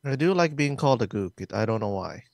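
A man's voice: medium pitch, animated, quick pace, vocal fry, a little mellow, no room sound. A man co-hosting a comedy podcast, dropping in short, dry quips. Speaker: podcast co-host. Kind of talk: casual comedic chat.

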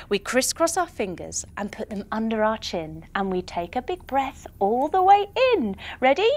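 A woman's voice: sits high, very animated, measured pace. A young woman leading a storytelling yoga class for children, playful and encouraging, with gasps and sound effects. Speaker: kids yoga teacher.

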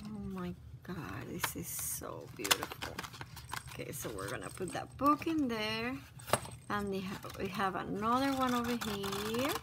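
A woman's voice: mid-range voice, very animated, unhurried. A woman vlogger at home, gushing and exclaiming as she opens crafted mail in casual unboxing chat. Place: at home by her desk. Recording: noisy background hiss.

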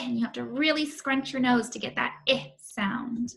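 A young woman teaching kindergarten phonics, saying each sound slowly and clearly to show it to children. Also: fairly high pitch. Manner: slow, drawn-out sounds demonstrated with movements. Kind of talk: classroom phonics demonstration.

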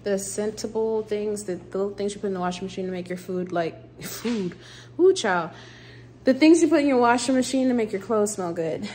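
A woman's voice: mid-range voice, brisk, a little mellow. A woman chatting casually to her vlog camera, blunt and talkative, swearing freely and addressing viewers as "y'all". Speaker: vlogger. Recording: noisy background.

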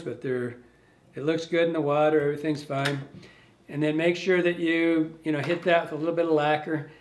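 This man's voice sits a little high. He walks through tying a fly step by step, loose and casual, rambling while he thinks out loud over the work.

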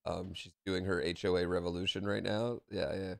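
A man streaming a game from a room at home, chatting in a playful way that swings between low muttering and loud calls. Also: fairly even intonation, slow, gravelly, no room sound. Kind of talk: live gameplay commentary.

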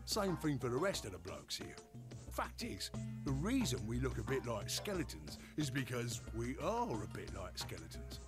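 Game robot, Cockney, chummy and rambling, voiced by a woman; lively pitch over faint music. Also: normal speed. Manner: chummy, rambling, heavy slang. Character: chatty cockney male robot golem, excitable. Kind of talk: video game voice acting.

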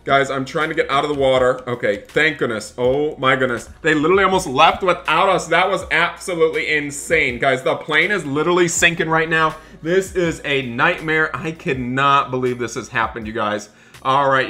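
Bright excitable young man gaming. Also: on the high side. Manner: excitable, talks straight to viewers. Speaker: gaming YouTuber. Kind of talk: role-play gameplay commentary.

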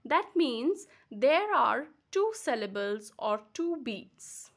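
A woman teacher from Kashmir with an Indian English accent, patiently explaining a lesson and repeating words slowly, syllable by syllable. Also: on the high side, big pitch swings. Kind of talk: slow classroom explanation.

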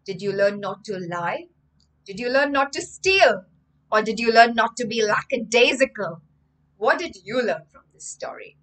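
A woman's voice: fairly high pitch, fairly bright tone, rough recording. A woman with an Indian English accent, narrating a story for children on a livestream and speaking to them directly. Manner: friendly, addresses the children directly.

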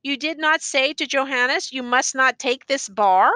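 A woman reading the part of a grave male judge who questions the accused in a stern, measured way. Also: sits high, sharp tone, no echo.

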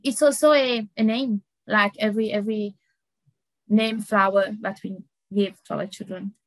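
A young woman teaching an online lesson for children, repeating each word slowly and laughing often. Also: medium pitch, fairly even intonation, dry recording, rough recording. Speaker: French teacher for kids.

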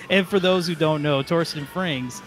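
A man's voice: sits high, sharp tone. A man chatting casually over a video game, rambling, chuckling and calling his friend "dude". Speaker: let's play co-host. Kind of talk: casual gaming chat.

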